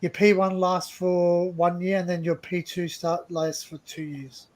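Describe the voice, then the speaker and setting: An Australian man hosting a live stream over a video call, chatty and quick to laugh, often repeating himself. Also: sits high, flat delivery, low-quality recording. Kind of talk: casual live stream chat.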